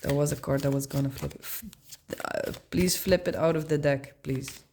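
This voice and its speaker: A woman's voice: low-pitched, fairly even intonation, moderate pace, vocal fry, background noise. A woman giving a casual tarot reading, musing aloud in slang and laughing often. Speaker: tarot reader.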